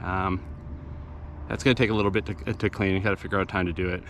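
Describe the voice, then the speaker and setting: Low male voice, rambling outdoor vlog narration, matter-of-fact, faint background noise. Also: little pitch movement, fast, a bit bright. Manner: rambling, matter-of-fact, with many fillers and restarts. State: out of breath after a hill climb. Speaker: volunteer litter picker and channel host. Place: outdoors in woods and by a roadside.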